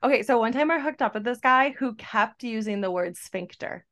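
A woman's voice: on the high side, animated, moderate pace, a bit bright. A young woman as a guest on a casual podcast, telling stories playfully with lots of laughs. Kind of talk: casual chat.

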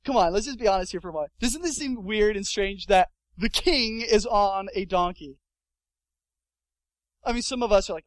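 Man, young adult, pastor, sermon, high voice, dry close sound, animated storytelling. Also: normal speed, no room sound, low-quality recording. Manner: animated storytelling with acted-out quotes.

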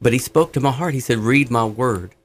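A man's voice: medium pitch, a little fast. A middle-aged man sharing his faith testimony in conversation, fervent and earnest, telling stories with laughs.

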